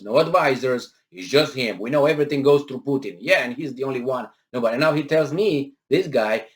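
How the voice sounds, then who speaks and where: A man commenting on a news article, arguing with rhetorical questions and sarcastic asides, with frequent hesitations and pitch that jumps on emphatic words. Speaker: political commentator.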